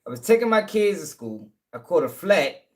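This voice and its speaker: A man's voice: on the high side, sing-song, moderate pace, a little mellow. A man telling a long, rambling story in casual talk, full of swearing and check-ins with his listeners. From Baltimore, USA.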